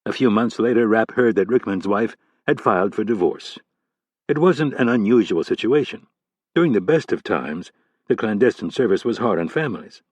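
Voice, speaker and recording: A man reading a spy thriller audiobook in a steady, even scripted narration. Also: on the low side, normal speed, dry recording.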